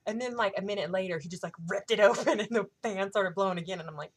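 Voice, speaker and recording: A woman in her thirties telling a story in a casual vlog, excitable and gushing, with a habit of swearing. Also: mid-range voice, fast, few pauses. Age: 30s. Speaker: vlogger.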